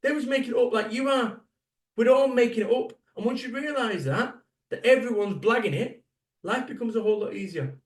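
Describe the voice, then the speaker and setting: A man's voice: very high voice, a little fast. Blunt man giving a fired-up keynote. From Salford, England. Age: 50s. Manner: blunt, swearing, punchy rhetorical questions. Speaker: motivational speaker. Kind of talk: motivational keynote speech. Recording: echoey hall, voice from a distance.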